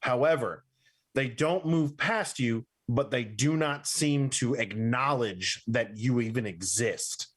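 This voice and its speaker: A man serving as game master for a tabletop role-playing session. He speaks slowly and deliberately at a middle pitch, painting scenes piece by piece. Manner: slow, deliberate descriptive narration.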